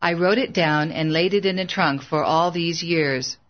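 An earnest middle-aged woman evangelist explains steadily, as the narrator reads her. Her pitch sits in the middle range. The audiobook recording is slightly muffled. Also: normal speed, close to an everyday voice.

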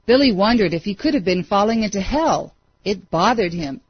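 A woman's voice: medium pitch, normal speed, breathy edge, no echo. Woman reading a story aloud. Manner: steady, dramatic read-aloud pacing. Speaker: narrator. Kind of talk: audiobook storytelling. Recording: dry, dull lo-fi recording.

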